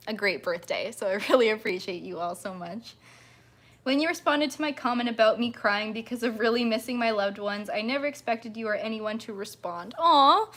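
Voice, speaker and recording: The speaker is a young woman with a slightly high, fairly bright voice, hosting a casual livestream as a mermaid performer. She reads viewer comments and chats warmly, giggling, bubbly, and effusively thankful.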